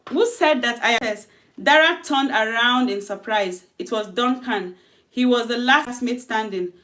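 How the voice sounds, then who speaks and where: A woman's voice: fairly high pitch, a bit bright. A woman reading her own short story aloud in a loose, conversational way, correcting herself as she goes and voicing the characters' lines. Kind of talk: informal story narration with voiced dialogue.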